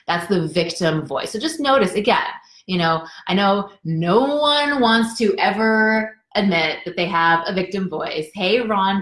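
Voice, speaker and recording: A woman's voice: fairly low pitch, fairly bright tone, echoey room. A woman life coach talking earnestly and conversationally to viewers on a live stream, addressing them directly.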